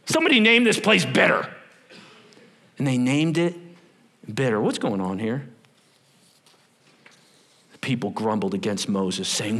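A man preaching a sermon as a pastor, animated and humorous, acting out scenes as he goes. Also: on the high side, unhurried, pauses often, husky.

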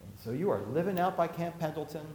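A fast-talking man with a slightly high voice and lively intonation teaches Jewish law to a live audience, keeping it conversational with anecdotes and acted-out quotes. The recording is from an echoey hall with faint ambience and heavy background noise.

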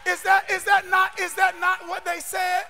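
A man preaching a sermon with fervor, often shouting and throwing rhetorical questions at his listeners. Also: very high-pitched, monotone, normal speed, soft background music, a faint crowd. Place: church service streamed online.

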